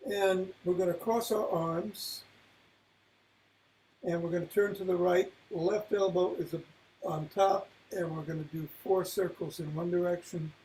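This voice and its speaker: A man leading an exercise class, calmly cueing breathing and rolling moves, his voice a little worn. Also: sits high, slight background noise, low-quality recording. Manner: calm, unhurried cueing of movements. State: losing his voice. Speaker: fitness class leader. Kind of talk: guided exercise instruction.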